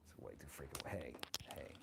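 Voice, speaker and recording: Staying close to his everyday voice, though gravelly, a man speaks at normal speed while chatting in character with his stream audience. He plays a vain, bawdy grandmother of great age who flirts crudely, teases, and calls viewers honey, against a noisy background.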